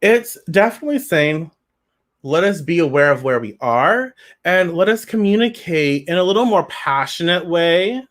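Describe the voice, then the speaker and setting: Guy doing a tarot card reading for viewers, kinda high voice, chatty and playful. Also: fairly bright tone.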